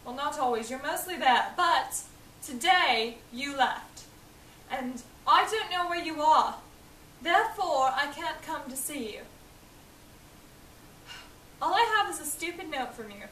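A woman's voice: high-pitched, animated, measured pace, long pauses, a bit bright. A woman playing a spoiled, petulant young boy earl in a fan cosplay skit, with a whiny, ranting manner. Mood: annoyed. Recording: echoey room, voice from a distance, faint hiss.

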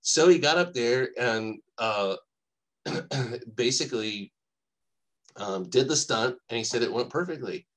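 A man's voice: mid-range voice, animated, a little slow, fairly bright tone, low-quality recording. A man co-hosting a podcast, telling a long anecdote in a casual, rambling way, often laughing and quoting people. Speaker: podcast co-host. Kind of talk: casual storytelling chat.

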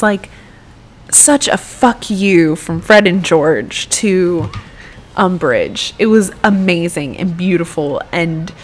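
A young American woman giving casual, rambling gameplay commentary and swearing freely as she plays. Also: fairly low pitch. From United States. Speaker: gaming YouTuber.

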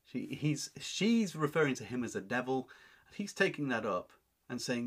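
A man's voice: medium pitch, sing-song, normal speed, slightly rough. A man teaching a lesson, explaining a play line by line in an emphatic, paraphrasing way. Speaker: literature teacher.

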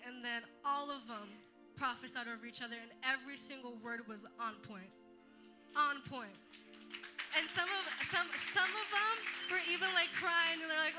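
Young woman youth leader, animated storyteller, very bright high voice. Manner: animated storytelling, acts out quotes. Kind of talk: church youth talk.

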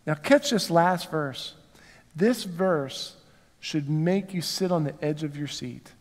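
A man's voice: a little high, animated, slow, long reverb tail. A male pastor with a Southern American accent, preaching a conversational sermon and putting rhetorical questions to the congregation. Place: church sanctuary.

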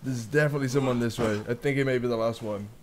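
A man's voice: medium pitch, steady tone, a little mellow, a little hiss or hum. Chatty man commenting on gameplay. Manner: chatty, easily surprised, quick exclamations and laughs. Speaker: gaming YouTuber.

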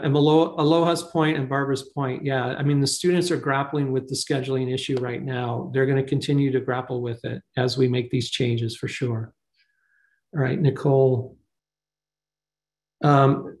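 Man leading a video call meeting. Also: medium pitch. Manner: thinking aloud, with fillers. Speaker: meeting leader. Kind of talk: online staff meeting discussion.

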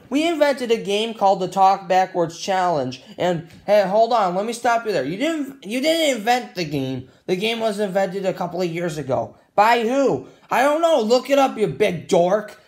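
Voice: mid-range voice, expressive, measured pace, few pauses. A home video creator hosting a goofy improvised comedy skit, talking in a silly way and switching between several put-on voices.

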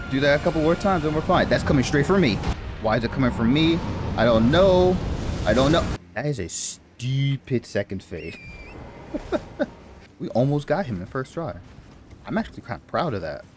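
A man commentating live on his own gameplay, excitable, repeating phrases and swearing at the enemies on screen. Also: mid-range voice, normal speed, long pauses, noisy background. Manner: excitable, repeats himself, swears and laughs at the game. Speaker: gamer.

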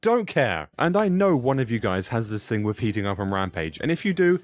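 A man's voice: mid-range voice, very animated, fast, soft background music. A young man giving cheeky, self-mocking gameplay commentary as a gaming video host. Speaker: gaming YouTuber.

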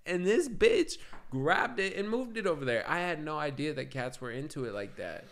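A man's voice: a little high, sing-song, normal speed, fairly bright tone. A man co-hosting a podcast, telling a rambling story in casual chat, swearing and laughing as he acts out the dialogue. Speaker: podcast co-host.

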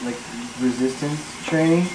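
A man's voice: on the high side, a little slow. Laid-back young man, noisy kitchen. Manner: laid-back, short answers. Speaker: friend of the vlogger. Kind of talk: casual chat.

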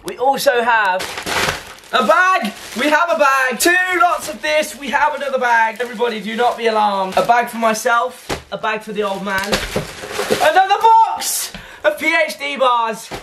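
A young man chatting excitedly in a casual fitness vlog from home. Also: extremely high pitch, normal speed, slight background noise. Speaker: fitness vlogger. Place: at home indoors.

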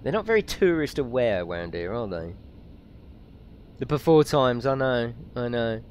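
A man chatting through a live gaming stream, excitable and talkative. His voice swings widely up and down in pitch as he reacts, and faint game sounds sit quietly behind him. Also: normal speed, a little hiss or hum. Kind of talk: live let's-play commentary, chatting with viewers.

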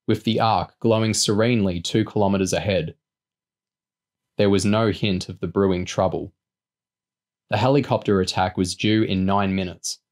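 A man reading a novel chapter aloud as an audiobook narrator, steady and measured. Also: fairly low pitch. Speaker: audiobook reader.

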